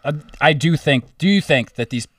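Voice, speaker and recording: A man's voice: fairly high pitch, expressive, moderate pace, fairly bright tone, no echo, clean studio sound, recorded from a distance. Musing young man, slightly off-mic. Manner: musing, leads with "imagine" questions, casual swearing. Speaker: podcast co-host. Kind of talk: casual chat.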